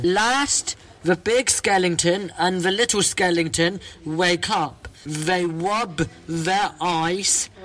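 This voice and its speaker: Male storyteller, high voice, slow expressive picture-book reading. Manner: expressive, repeats words for rhythm.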